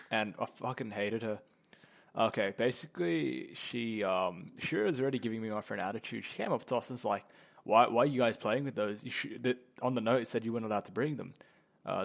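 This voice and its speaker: Young male vlogger, lowish gravelly voice, rambling and swearing through a story. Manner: rambling, profane, many fillers. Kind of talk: casual storytelling.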